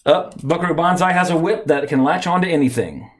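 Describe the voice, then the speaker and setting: A man's voice: on the high side, a little fast. Rambling male podcast host. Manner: rambling, self-correcting, chuckles often. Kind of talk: casual podcast chat.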